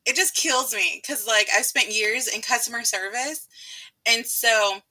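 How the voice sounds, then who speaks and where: Bubbly woman host, light Southern accent, very bright and rather high voice, giggly live-stream chat. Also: a little slow, poor audio. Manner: bubbly, laughs often.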